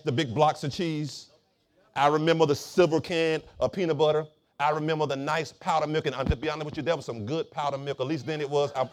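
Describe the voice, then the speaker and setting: A man preaching from the pulpit with a fairly high voice for a man. He calls out to the congregation to answer him, and his voice swells louder when he drives a point home. He was raised in Florida. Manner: preaching with call-and-response, swelling loud on key points. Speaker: pastor. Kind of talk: sermon.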